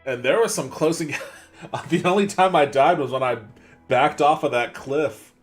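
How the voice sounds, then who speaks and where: A man's voice: fairly high pitch, a little slow. Swearing, self-mocking male gamer. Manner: chatty, swears, self-mocking, laughs often. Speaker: podcast host. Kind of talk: casual gameplay commentary. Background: game music.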